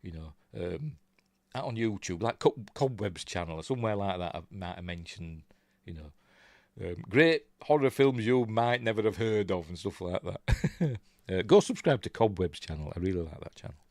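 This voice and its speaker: A man's voice: low voice, expressive, normal speed, dry recording, studio quality. An older man from Yorkshire with a Yorkshire accent, hosting a rambling, chuckling casual live-stream chat and reading out viewer comments. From Yorkshire, England. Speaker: host.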